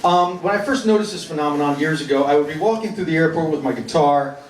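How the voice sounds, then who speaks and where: A man's voice: a little high, fast talker. A man from New York telling a wry, self-mocking story on a club stage, acting out other people's voices. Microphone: stage microphone heard from the room. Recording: roomy live club recording from far off. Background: loud crowd laughter and club noise.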